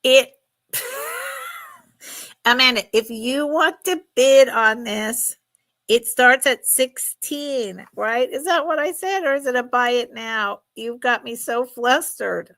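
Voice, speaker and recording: Middle-aged woman, bright tone, slow unhurried talk. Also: high voice, lively intonation. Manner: chatty, laughing, emotional. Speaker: live sale host. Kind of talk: casual live stream selling.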